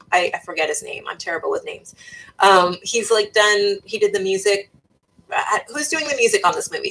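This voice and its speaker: Heard through a rough recording, a young woman's medium-pitched, fairly bright voice reads viewer comments during a livestream. As a YouTuber in casual chat mode, she thinks out loud, restarting often and using lots of fillers.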